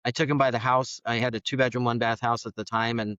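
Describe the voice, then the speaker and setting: A middle-aged man, a guest on a podcast, telling his personal story in an animated way and acting out the dialogue. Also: mid-range voice, quick pace, no echo. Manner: animated, acts out quoted dialogue. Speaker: podcast guest, foster parent. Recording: dull, dry studio sound.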